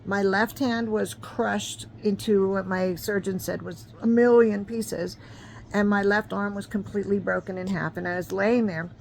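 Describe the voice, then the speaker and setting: A woman in her fifties recounts her past in a loose, conversational style, circling back and stumbling over words. Her voice sits at an ordinary middle pitch. A faint hum of background noise runs under the recording. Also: creaky, rough recording. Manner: rambling, conversational, many fillers. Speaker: vlogger. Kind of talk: personal storytelling.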